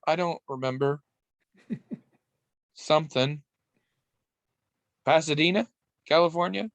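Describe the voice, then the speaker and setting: A man's voice: mid-range voice, measured pace, pauses often, fairly bright tone, dry recording. A man hosting a podcast in casual chat, rambling and restarting his sentences, with the odd swear. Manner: rambling, self-interrupting, casually profane. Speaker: podcast host.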